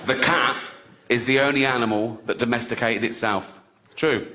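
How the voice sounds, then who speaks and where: A man's voice: medium pitch, steady tone, normal speed, noisy background. A man in his sixties doing a crude, conversational stand-up routine, often chuckling at his own jokes. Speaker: stand-up comedian. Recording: loud audience laughter behind. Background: audience laughter.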